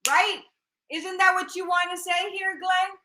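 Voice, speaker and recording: A woman co-hosting a casual bilingual chat show, bubbly and excitable, gushing with enthusiasm. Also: very high voice, a little slow, echoey room. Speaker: co-host.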